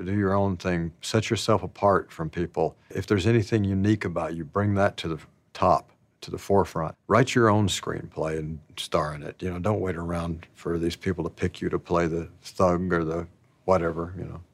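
A man telling stories about his past in a slow, rambling, casual way, laughing often. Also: low voice, no room sound. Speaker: interviewee. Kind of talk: casual storytelling.

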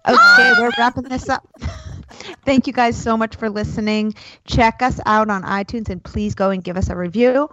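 A woman's voice: mid-range voice, fairly even intonation, normal speed. A woman hosting a podcast, playful and casual, swearing now and then. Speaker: podcast host. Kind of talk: casual chat, show sign-off. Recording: dull, dry recording.

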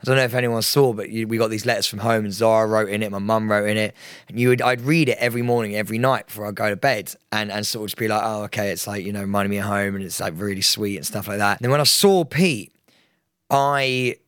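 A young man co-hosting a podcast, telling a story in a rambling, animated way with lots of fillers. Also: fairly low pitch, fast talker, smooth, no room sound, studio quality. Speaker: podcast co-host. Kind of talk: casual chat.

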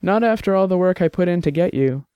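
A man's voice: sits high, lively intonation, fast, mellow, smooth, dry recording, lo-fi sound, pitched above the performer's own voice. A man voicing a sly, forgiving middle-aged woman in an audiobook drama, with a teasing, earnest manner.

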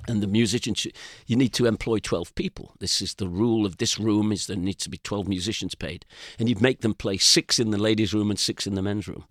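Rambling older English storyteller. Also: male voice, on the low side, steady tone, fairly quick, hardly any pauses, a bit bright, no echo, clean studio sound. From England. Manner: rambling anecdotal storyteller, frequent restarts. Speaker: guest musician. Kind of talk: casual storytelling interview.

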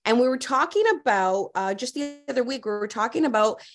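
A woman's voice: fairly high pitch, brisk. A woman hosting a casual chat, upbeat and steering the talk with questions. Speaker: host.

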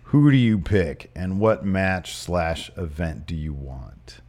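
Joking low-voiced man co-hosting. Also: lively intonation, slow pace, darkish tone. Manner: jokey, riffing, slips into impressions. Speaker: podcast co-host. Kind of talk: casual chat.

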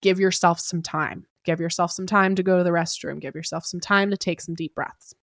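A woman hosting an advice podcast, talking quickly and casually and often checking in with "right?". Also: lowish voice, fairly even intonation. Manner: quick, chatty delivery with frequent "right?" tag questions; fillers like "like" and "kinda". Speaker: podcast host giving job-interview advice.

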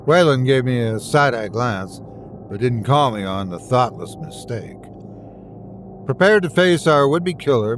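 A man's voice: mid-range voice, a little hiss or hum. A man narrating a first-person horror story with suspenseful, dramatic storytelling.

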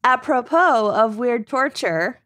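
A woman's voice: on the high side, lively intonation, slow, a bit bright. A woman co-hosting a podcast, chatting casually with friends and laughing often. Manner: giggly, jokey, bursts of laughter. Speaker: podcast co-host.

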